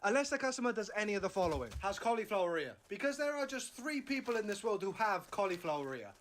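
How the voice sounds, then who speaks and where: A man's voice: sits high, very animated, quick pace. A man doing a comedy monologue, listing exceptions in a sarcastic, mock-earnest way. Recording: noisy recording.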